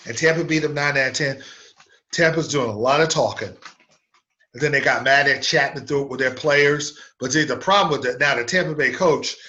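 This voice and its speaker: A man's voice: on the high side, sharp tone, highs cut off. A man hosting a sports radio show, delivering an opinionated, emphatic monologue that repeats words to stress a point.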